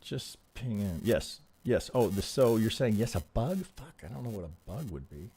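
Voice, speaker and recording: A man's voice: on the low side, sing-song, normal speed, mellow, breathy edge. A man hosting a trading live stream, talking casually and bluntly with frequent swearing, close to a desk mic. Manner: blunt and profane, thinking aloud while troubleshooting.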